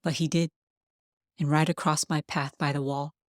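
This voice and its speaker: An audiobook reader giving a calm, gentle, unhurried narration of a classic story. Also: mid-range voice, no room sound, studio quality.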